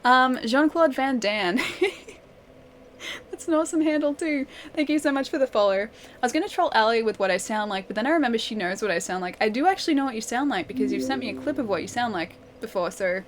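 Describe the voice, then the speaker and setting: A young woman hosts a live game stream in a friendly, chatty way, giggling now and then as she answers her viewers one by one. Her voice sits a bit higher than most women's. A faint hiss runs under her speech. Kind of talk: casual live-stream chat.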